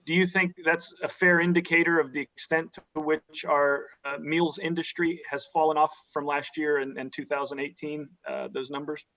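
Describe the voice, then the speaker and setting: A man on a county board asking careful, measured questions in a public meeting, often restarting his sentences. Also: on the high side, little pitch movement, bright, forceful tone. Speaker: county supervisor. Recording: dull lo-fi meeting audio.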